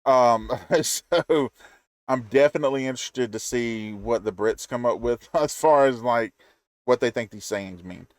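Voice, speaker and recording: A man's voice: mid-range voice, measured pace, no echo. A man from the Southern US, hosting a reaction video with chatty, folksy commentary in a Southern accent. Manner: chatty, folksy, playful asides.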